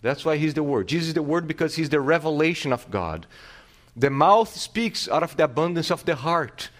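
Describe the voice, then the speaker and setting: A man pastor preaching a sermon, teaching with rhetorical questions and restarting phrases, swinging his loudness and pace for emphasis. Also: on the high side, expressive, normal speed.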